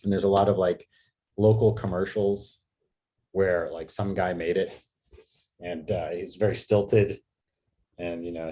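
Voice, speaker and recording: Rambling low-voiced male comic. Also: steady tone, warm tone. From New York. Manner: rambling, halting, lots of fillers and restarts. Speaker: stand-up comedian. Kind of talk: stand-up set over video call. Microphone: video call.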